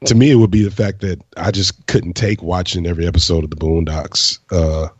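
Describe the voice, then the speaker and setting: Low-voiced man making his case. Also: steady tone, breathy edge, no room sound. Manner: measured, argumentative. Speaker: podcast co-host. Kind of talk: casual chat. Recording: dry, slightly dull.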